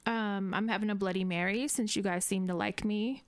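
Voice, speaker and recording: A woman's voice: medium pitch, fairly even intonation, fairly quick, a little hiss or hum. A woman co-hosting a casual podcast, talking candidly and reflectively and swearing casually. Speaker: podcast co-host. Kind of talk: casual chat.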